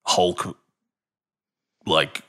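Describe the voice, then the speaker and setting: Bright-voiced man chatting eagerly. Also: drawn-out words. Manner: enthusiastic, rambling with many fillers. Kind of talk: casual chat.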